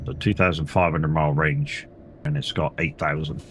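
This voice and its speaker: Man, very deep voice, tired, casual rambling stream chat, swears, faint hum behind. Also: fairly even intonation, brisk. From England. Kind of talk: casual live-stream chat while playing.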